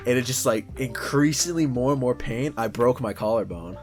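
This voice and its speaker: A young man co-hosting a podcast, telling a story in casual chat, animated and swearing freely as he acts out what people said. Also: medium pitch, normal speed, soft background music. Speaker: podcast co-host.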